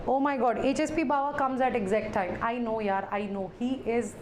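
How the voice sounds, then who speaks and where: High-voiced Indian woman teacher, playful and theatrical, chatting in Hindi-laced English during a live class. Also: steady tone, normal speed, slight background noise.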